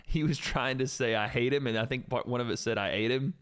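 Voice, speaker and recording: A man's voice: medium pitch, fairly even intonation, fast talker, smooth. A man co-hosting a casual podcast chat, laid-back and joking, cursing freely. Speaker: co-host.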